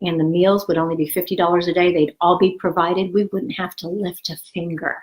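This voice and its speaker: A woman's voice: lowish voice, flat delivery, a little fast, darkish tone, rough recording. An older woman with a cold, talking candidly and encouragingly in a rambling, casual way as a health vlogger. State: has a cold, coughing. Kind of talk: casual talk to camera.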